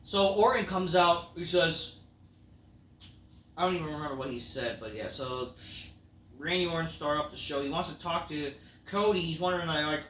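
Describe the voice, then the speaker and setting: A man's voice: fairly high pitch, normal speed, a little hiss or hum. Profane, rambling man ranting. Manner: rambling, profane, loud outbursts. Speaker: wrestling show reviewer. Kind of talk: casual ranting review. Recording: echoey room, mic at a distance.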